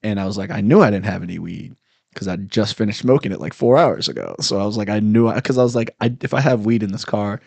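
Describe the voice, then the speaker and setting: A man's voice: fairly low pitch, quick pace, creaky, no echo. A man, a comedian, telling a story in casual chat and acting out the angry people in it. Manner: animated storyteller, acts out angry cops loudly. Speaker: comedian guest.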